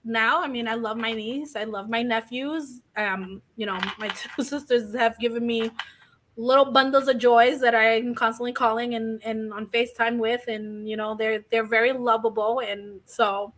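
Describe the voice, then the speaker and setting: Her voice sits on the high side, fairly bright, with even intonation and a moderate pace. As an interview guest, the young woman rambles openly through a personal story, acting out others' lines and coughing slightly because of asthma.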